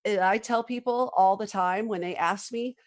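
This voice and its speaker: A woman's voice: mid-range voice, moderate pace. A woman hosting a podcast interview, chiming in with enthusiastic, affirming remarks. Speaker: podcast host. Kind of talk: interview conversation.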